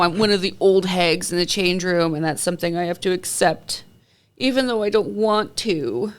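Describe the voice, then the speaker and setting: A woman's voice: fairly low pitch, fairly quick, smooth. A woman in her thirties hosting a podcast alone, chatting casually and rambling from topic to topic with self-mocking jokes. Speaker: podcast host. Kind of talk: casual solo podcast chat.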